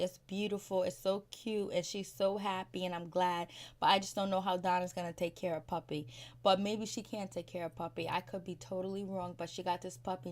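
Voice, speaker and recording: A woman with a lowish, slightly mellow voice gives a casual, opinionated recap of a TV episode. She's a reality TV recap vlogger, chatty and full of slang, laughing often between comments.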